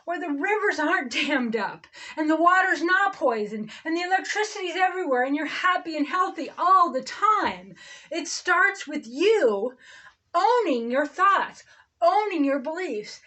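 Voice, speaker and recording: A woman's voice: sits high, pushed and bright. A woman talking to camera in a rambling spiritual monologue, blunt and swearing freely, sometimes acting out the people she quotes. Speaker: spiritual vlogger.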